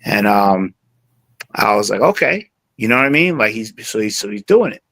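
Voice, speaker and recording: A man's voice: on the low side, lively intonation, a little fast, a bit bright, no echo. Rambling man, dry close sound. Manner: rambling, many fillers and restarts. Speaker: interview guest, music producer. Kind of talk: casual interview chat.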